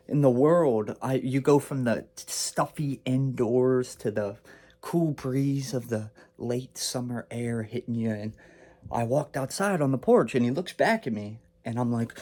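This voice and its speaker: A man's voice: medium pitch, measured pace. A young man casually telling a personal story and acting out what he and his brother said. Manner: animated, acts out quotes of himself and his brother.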